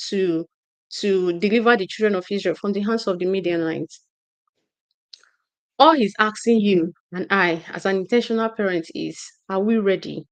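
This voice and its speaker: Earnest woman. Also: mid-range voice. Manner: earnest, repeats and restarts phrases, preachy asides. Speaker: parenting coach. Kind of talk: live session talk.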